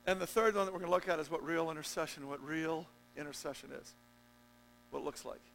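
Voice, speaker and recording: Gravelly-voiced male preacher, animated. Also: fast, slight background noise, poor audio. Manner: animated preaching, swinging from loud emphatic peaks to low quiet stretches; jokey, conversational asides to the congregation. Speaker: pastor. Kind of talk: sermon.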